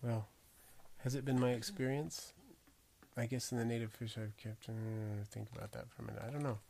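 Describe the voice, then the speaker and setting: A man co-hosting a casual podcast about fish keeping, talking in a halting way and restarting his sentences as he thinks. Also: medium pitch, steady tone, creaky, darkish tone, a little hiss or hum. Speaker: podcast co-host, fish keeper. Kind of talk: casual chat.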